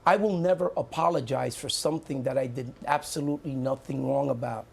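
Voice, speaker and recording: Indignant man with a gravelly voice. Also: mid-range voice, brisk. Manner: emphatic, indignant, repeats points. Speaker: mayoral candidate. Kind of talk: live TV debate. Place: TV studio.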